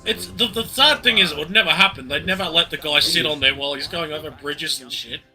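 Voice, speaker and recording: A man's voice: on the high side, a little fast, over loud music. A man hosting a casual commentary chat, enthusiastic and opinionated, often laughing.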